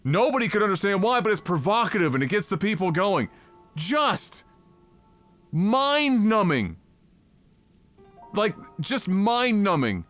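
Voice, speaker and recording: Young adult man, from Canada, live streamer, sarcastic profane rant, higher-pitched voice, faint music behind. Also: big pitch swings, a little fast, few pauses, fairly bright tone. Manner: sarcastic, exasperated, heavy swearing.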